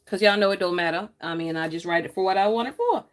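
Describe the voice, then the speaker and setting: A chatty woman talks to her live chat while she plans. She teases viewers and laughs easily, and her pitch swings up and down. Her voice sits in an ordinary middle range. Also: fast. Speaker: planner vlogger reading live chat.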